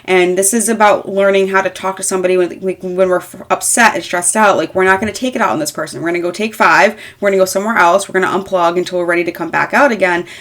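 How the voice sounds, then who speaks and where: A woman in her thirties talks through a tarot reading in a casual, rambling way. Her voice sits a little low. She is frank, swears lightly and fills her sentences with fillers. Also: steady tone, quick pace, few pauses, fairly bright tone. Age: 30s. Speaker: tarot reader.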